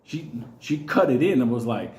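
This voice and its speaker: A man's voice: medium pitch, lively intonation, normal speed, darkish tone, a little hiss or hum. A middle-aged man hosting his own channel, telling rambling, profanity-heavy personal stories and often laughing. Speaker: channel host. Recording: echoey room.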